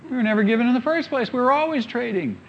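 A male preacher with a rather high voice delivers an emphatic sermon. He sinks into hushed lines and then lifts to strong, loud ones. The recording sounds dull and lo-fi. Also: expressive, racing, slight background noise. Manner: emphatic, swinging from quiet to loud. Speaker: pastor.

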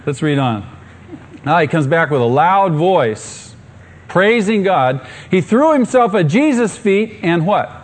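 A middle-aged male pastor preaching a sermon, rising to excited calls and asking the congregation questions. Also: high-pitched, a little slow, slight background noise.

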